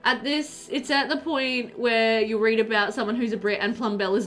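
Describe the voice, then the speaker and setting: A woman's voice: a little high, steady tone, moderate pace, fairly bright tone, soft background music. A woman chatting casually while streaming a game, reading chat aloud and laughing often.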